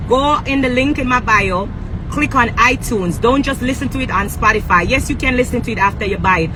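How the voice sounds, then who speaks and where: A woman's voice: fairly high pitch, brisk, noisy background. A woman with a Jamaican accent chatting on a livestream from a moving car, brash and hyped, trash-talking and laughing. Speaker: singer on a livestream. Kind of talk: casual livestream chat.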